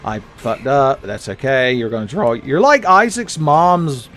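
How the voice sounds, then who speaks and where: A man giving joking, casual commentary while playing a video game, jumping up in pitch when excited. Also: unhurried. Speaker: let's play host.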